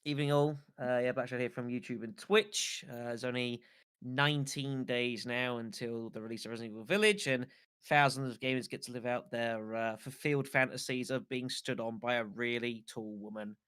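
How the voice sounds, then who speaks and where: A man guesting on a gaming podcast, delivering dry sarcastic jokes in a measured way. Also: mid-range voice, fairly bright tone, smooth. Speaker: YouTube and Twitch creator guest. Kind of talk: casual podcast chat.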